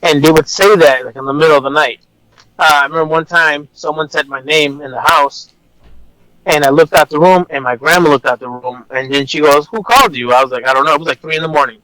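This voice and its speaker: A man's voice: on the high side, steady tone, quick pace, a bit bright, no room sound, poor audio. A man, an officer, telling a personal story in a casual, rambling way, blunt and swearing at times. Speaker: officer guest.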